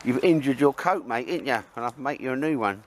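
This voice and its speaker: A man's voice: mid-range voice, expressive, fairly quick, a little hiss or hum. A man chatting and joking with his mates outdoors at a woodland campfire, teasing them in a laddish way. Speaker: vlogger. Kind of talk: casual banter with friends.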